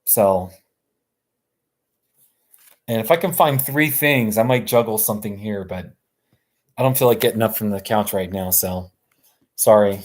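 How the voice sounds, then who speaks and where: A man hosting a live stream from his couch, chatting casually in a relaxed, rambling way and chuckling often. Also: fairly low pitch, unhurried, pauses often. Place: sitting on a couch at home.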